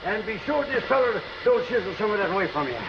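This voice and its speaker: An older actor playing a boastful, folksy old Western grandfather with a loud drawl and rustic grammar, in 1950s film acting. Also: high-pitched, expressive, fairly quick. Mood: jovial. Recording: dull old film soundtrack, faint hiss.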